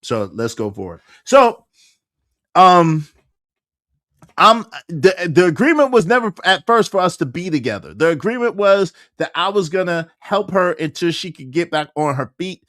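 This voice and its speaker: A man's voice: high voice, normal speed, no echo, clean studio sound. A man, casually telling a personal story and acting out what others said, with many restarts. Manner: animated, acts out quoted dialogue, frequent restarts.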